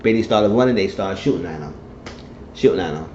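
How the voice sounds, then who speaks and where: A man's voice: low-pitched, lively intonation, fairly quick, darkish tone, slight background noise. A man casually recapping a TV episode, rambling through the plot and acting out the characters' lines in shifting voices. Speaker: TV show reviewer. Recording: dull, echoey room recording.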